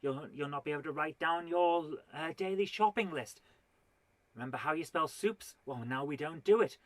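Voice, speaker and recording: A woman's voice: low voice, normal speed, no room sound. A woman performing a stand-up comedy routine, full of exasperated rhetorical questions and mock indignation.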